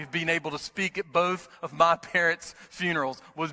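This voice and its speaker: A man's voice: fairly high pitch, steady tone, normal speed, hardly any pauses. Emphatic preacher man in a hall. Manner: emphatic, repeats key words, swings from quiet storytelling to loud preaching. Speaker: pastor. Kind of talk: sermon. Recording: long hall reverb.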